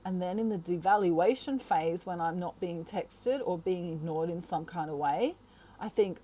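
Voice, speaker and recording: A woman's voice: fairly low pitch, moderate pace, dark tone, slightly rough. A woman hosting her own channel, talking casually to the camera, often laughing and acting out quoted voices. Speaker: tarot reader and channel host. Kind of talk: casual explanatory talk to camera.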